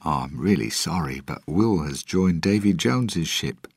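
A man's voice: deep voice, animated, moderate pace, creaky, husky, no room sound, clean studio sound, voice pushed up, heavily acted. A man reading aloud, voicing a sly, teasing male pirate captain.

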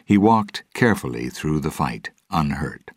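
A man narrating a storybook in a measured, deliberate read-aloud. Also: a bass voice, very animated, slightly rough, no room sound, studio quality.

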